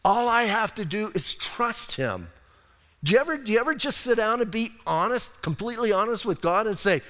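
A male pastor preaching a sermon in a church, humorous and conversational, swinging between soft asides and emphatic points. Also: high voice, animated, normal speed, in a large hall.

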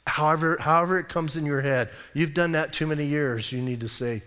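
A man preaching a sermon as pastor, casual and joking, with animated delivery. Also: fairly high pitch, fairly quick, few pauses, clear, resonant tone, big-room sound. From United States. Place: church sanctuary.

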